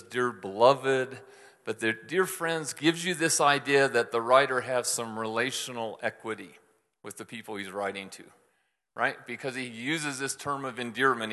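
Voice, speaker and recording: Bright-voiced pastor in an echoing hall. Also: male voice, mid-range voice. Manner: informal, chatty, with frequent restarts and asides to the congregation. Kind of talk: conversational sermon. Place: church hall with screens. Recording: long reverb of a large hall.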